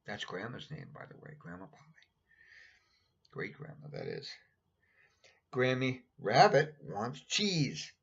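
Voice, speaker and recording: Husky guy reading a kids' picture book, chatty asides, lots of up and down, muffled sound. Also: medium pitch, huge pitch swings, slow, pauses often. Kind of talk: casual storybook read-aloud. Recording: dull lo-fi recording.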